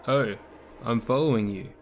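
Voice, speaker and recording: A man voicing a scrawny young male stalker who speaks in an eerily calm, quiet way. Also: mid-range voice, moderate pace, a little hiss or hum, lightly acted. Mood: eerie calm.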